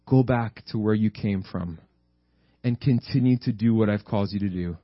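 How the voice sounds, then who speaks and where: A hushed, tender voice of God comforting a tired prophet, as a male preacher puts it on, low and quiet over a dull, dry recording. Soft reassurance, repeated gently. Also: fairly even intonation, brisk, dry recording. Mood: gentle urging. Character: gentle, loving God speaking softly to a weary prophet.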